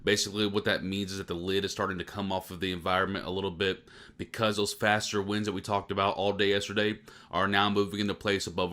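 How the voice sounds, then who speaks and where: A man forecasting the weather in live storm coverage, tired from very little sleep and talking in a fairly monotone way. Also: low voice. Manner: self-described monotone delivery.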